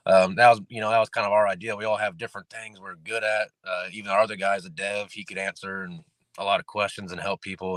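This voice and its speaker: A man's voice: lowish voice, a bit bright, dry recording. A man talking as a guest in casual podcast chat, rambling with lots of fillers.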